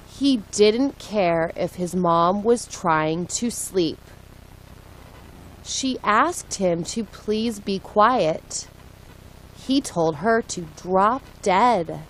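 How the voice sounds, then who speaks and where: Very slow, deliberate woman reader. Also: mid-range voice, rough recording. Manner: slow, deliberate, one short sentence at a time. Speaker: English listening reader. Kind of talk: slow read-aloud for learners.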